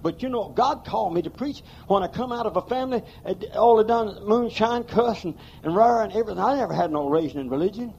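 A man's voice: high voice, expressive, quick pace, creaky, hardly any pauses, a little mellow, highs cut off, a little hiss or hum. A man preaching a sermon in a church, emphatic and folksy, with plain rural grammar. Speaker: pastor.

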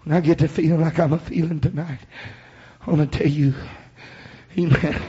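A man delivers a sermon in a rhythmic, chanted style, breathing "uh" between phrases and acting out quoted voices as he tells the story dramatically. His voice is a little high and dark, fairly even in intonation, at a moderate pace. The recording is muffled, with faint hiss.

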